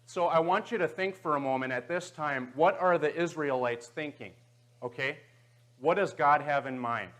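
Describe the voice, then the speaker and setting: A man's voice: on the high side, normal speed, fairly bright tone. A man leading a Bible class in a church auditorium, guiding volunteers and checking in often with "okay" and "right.".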